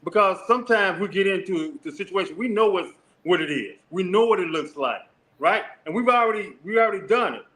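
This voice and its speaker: A man offers calm, reflective advice on a casual talk show. His voice sits a bit high, and he keeps checking in with his listeners as he speaks. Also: fairly quick. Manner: calm, encouraging, asks "right?" often.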